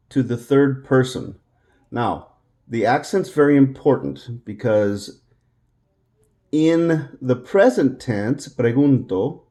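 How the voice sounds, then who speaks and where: A man teaching a Spanish grammar lesson in English, patiently repeating words slowly for practice. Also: medium pitch, dark tone. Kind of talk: classroom-style language lesson.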